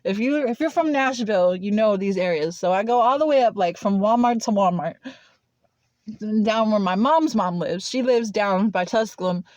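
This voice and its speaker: A woman's voice: mid-range voice, moderate pace, darkish tone, no echo. A woman telling a personal story in a casual, rambling way, full of "like" and restarts. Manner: rambling, heavy use of "like" and restarts. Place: Nashville.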